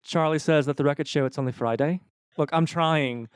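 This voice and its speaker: Smooth-voiced man, playful live panel host. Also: on the high side, a little fast. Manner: playful, mock-formal. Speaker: podcast co-host reading audience chat. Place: convention room, live audience.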